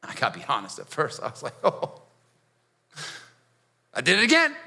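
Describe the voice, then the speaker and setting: A man's voice: medium pitch, wildly swooping pitch, moderate pace, vocal fry, sharp tone, a little hiss or hum, heavily acted. A pastor, a man, performing as a defiant, streetwise male prisoner, telling his story in the first person with casual, slangy asides. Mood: confiding. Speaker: pastor performing a dramatic monologue. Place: church.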